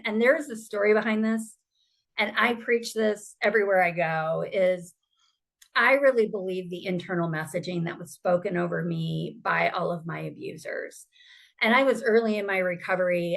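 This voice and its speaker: Gravelly-voiced lady preaching her own recovery story, earnest and emphatic. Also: fairly low pitch, fairly bright tone. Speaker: survivor advocate. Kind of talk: personal testimony talk.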